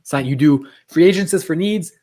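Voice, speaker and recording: The host of this late-night livestream has a slightly high voice with a dark tone and a moderate pace. He chats casually and reads viewer comments aloud, though his voice is getting tired.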